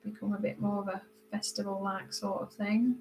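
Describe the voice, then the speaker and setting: A woman from Britain hosting a casual live stream while she colors, greeting viewers by name and answering their comments, her voice often drifting quieter as she concentrates. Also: medium pitch, flat delivery, normal speed, slight background noise, poor audio. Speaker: livestream host.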